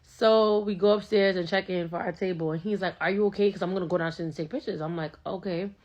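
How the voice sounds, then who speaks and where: A woman's voice: lowish voice, steady tone, quick pace, a little mellow, highs cut off. A young woman casually telling a first-date story, full of fillers and quoted back-and-forth. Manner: chatty, filler-heavy retelling with quoted dialogue.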